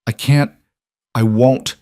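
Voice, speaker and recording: A man's voice: medium pitch, fairly even intonation, takes it slowly, dark tone, no echo, clean studio sound, pitched above the performer's own voice, natural voice. A man voicing a frightened, pleading younger sister in a spoken story. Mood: desperate. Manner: pleading, breaking. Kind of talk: audiobook storytelling.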